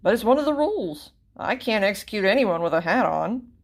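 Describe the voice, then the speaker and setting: A woman voicing a gentle, friendly executioner. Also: sits high, very animated, a little fast, gravelly, heavily acted. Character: pleasant, easygoing executioner, grown man. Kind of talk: storybook read-aloud.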